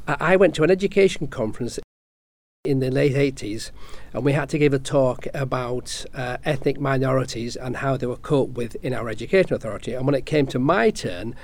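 A man's voice: mid-range voice, a little fast. A man in his sixties from Yorkshire, with a Yorkshire accent, telling anecdotes in a casual panel discussion, often restarting his sentences. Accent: Yorkshire English. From Yorkshire, England. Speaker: panel guest.

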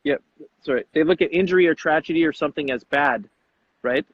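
A man's voice: fairly high pitch, brisk, dull audio, a little hiss or hum. A man hosting a casual interview, enthusiastic and slangy, often acting out quotes as he talks. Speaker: coach and podcast host.

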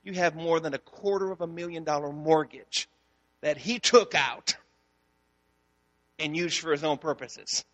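Animated high-voiced pastor preaching. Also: male voice, measured pace, pauses often, big-room sound. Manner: storytelling, animated, acts out dialogue. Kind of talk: sermon.

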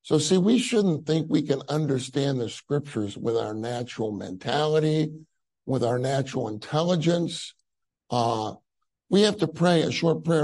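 A man's voice: medium pitch, expressive, unhurried, vocal fry, darkish tone, slightly rough, low-quality recording. A man preaching a conference sermon in a conversational way, with many fillers and rising emphasis on key phrases.

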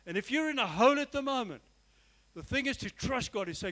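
A man's voice: extremely high pitch, animated, fairly quick, fairly bright tone, poor audio. A man preaching a sermon in church, earnest and emphatic, often repeating his phrases and speaking straight to his listeners. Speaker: pastor.

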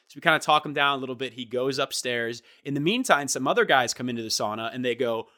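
A young man telling a funny story in casual chat, animated and acting out what people said. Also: medium pitch, fast talker, few pauses.

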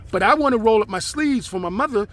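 A man's voice: high voice, animated, fast, fairly bright tone. A man hosting his own podcast, speaking, in a rambling, aggrieved monologue aimed straight at his listeners. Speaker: podcast host.

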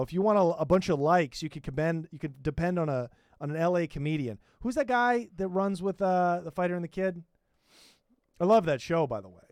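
A man's voice: fairly high pitch, darkish tone, dry recording, clean studio sound. A man hosting a comedy podcast, riffing in a profane, rambling and sarcastic way. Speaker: podcast host.

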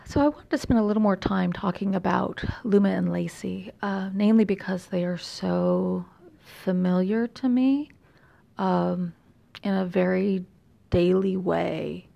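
A woman's voice: medium pitch, fairly even intonation, unhurried, gravelly, dark tone, lo-fi sound. A middle-aged woman from California with a slight Texas drawl, chatting casually and rambling with lots of fillers and self-deprecating asides. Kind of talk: casual chat.

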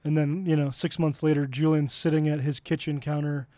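A man's voice: on the high side, little pitch movement, fairly quick, dark tone, dry recording. A young man co-hosting a podcast, telling stories in a laid-back, casual way and swearing freely. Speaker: podcast co-host.

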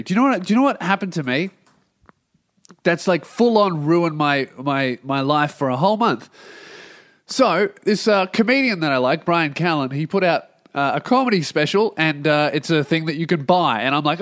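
A man's voice: fairly high pitch, lively intonation, normal speed, fairly bright tone. A male Australian comedian hosting his own podcast, ranting in a casual comic monologue with a blocked nose and plenty of swearing. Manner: ranting, exasperated, heavy swearing. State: blocked nose, sounds congested.

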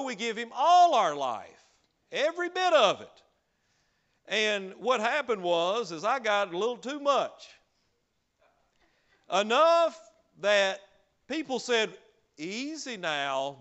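A man preaching a sermon, swinging from loud, drawn-out cries to low, quick asides.

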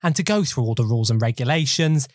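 A man hosting a podcast quiz, upbeat and teasing, briskly explaining the rules. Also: mid-range voice, animated, dry recording, studio quality. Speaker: quiz host.

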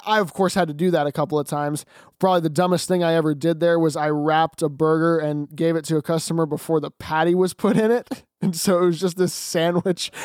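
A teenage boy chatting about his job, chatty and quick to laugh. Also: fairly high pitch, darkish tone, dry recording, studio quality. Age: teens. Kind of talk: casual storytelling chat.

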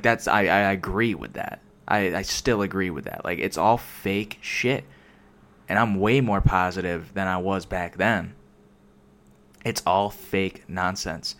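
A man's voice: low voice, fairly bright tone. A young man ranting casually into a microphone, rambling with lots of filler words and constant swearing. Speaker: solo vlogger. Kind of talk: casual unscripted rant. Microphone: desk microphone.

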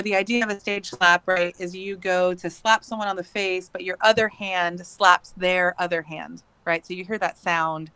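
A woman in her thirties, guesting on a podcast, tells a long story in a fairly low, slightly bright voice with a clear, resonant tone and no echo. She's chatty, with plenty of fillers and "likes," in casual storytelling.

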